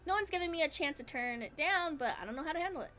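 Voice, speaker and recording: A woman's voice: sits high, animated, racing, a bit bright. A woman voicing a hesitant, flustered teenage girl. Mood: unsure.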